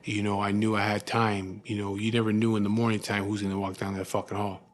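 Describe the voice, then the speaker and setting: A man with a fairly low voice tells his story candidly, in a rough, profane way. His talk is loose and full of "you know what I mean". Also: flat delivery, quick pace. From California. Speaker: former prisoner telling his story.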